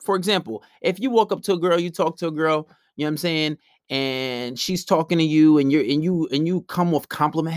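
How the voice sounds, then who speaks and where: A man's voice: on the high side, fairly quick, no room sound, clean studio sound. A young man talking bluntly and brashly in a casual monologue, acting out quotes as he tells stories.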